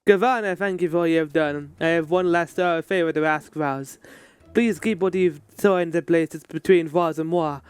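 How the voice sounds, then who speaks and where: A man's voice: on the high side, moderate pace, clean tone, no room sound, natural voice. A man voicing a fussy, self-regarding male minister with a put-on French accent, reading game dialogue aloud. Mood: confiding.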